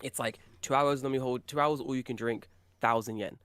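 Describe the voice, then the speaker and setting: Sweary British podcast host. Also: male voice, medium pitch, brisk, smooth, no echo. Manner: swears a lot, animated storytelling. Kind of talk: casual podcast chat.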